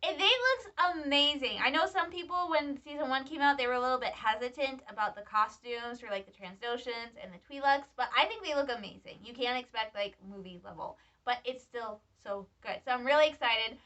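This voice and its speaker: A young woman from Michigan, a student, chatting excitedly to camera in a casual reaction vlog. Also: high-pitched, brisk, few pauses. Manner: excitable, chatty fan talk. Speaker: vlogger, student. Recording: slightly distant, dull lo-fi sound.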